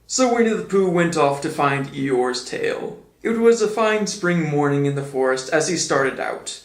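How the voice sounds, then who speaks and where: Guy reading a kids' storybook, gentle and measured, kinda high voice, echoey room. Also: expressive. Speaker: audiobook reader. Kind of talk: storybook narration. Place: indoor room, on camera. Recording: roomy echo.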